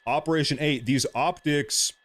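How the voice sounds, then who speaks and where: A man's voice: fairly high pitch, moderate pace. A man hosts a livestream and rants in heated bursts. He reads out viewer comments between the outbursts. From United States. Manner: agitated ranting, then calming down. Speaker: livestream host.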